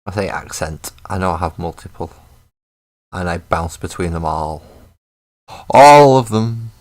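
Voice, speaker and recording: A man's voice: sits low, little pitch movement, normal speed. An English man with a Manchester accent chatting casually and self-deprecatingly while painting miniatures. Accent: English, Manchester area with Glaswegian slips. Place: home hobby desk. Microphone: webcam mic.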